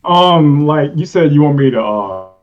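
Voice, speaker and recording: A man's voice: a little high, expressive, unhurried, a little mellow. A man playing a tabletop role-play, rambling casually with many fillers. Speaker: player. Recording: dull lo-fi mic.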